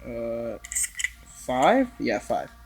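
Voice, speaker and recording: A young man with a fry-laced, gravelly voice of ordinary pitch rambles through a VR game. He curses offhandedly and talks straight to the characters as he plays. A faint hiss sits behind his headset mic. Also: very animated, drawn-out words. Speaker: gaming YouTuber. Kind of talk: casual VR gameplay commentary.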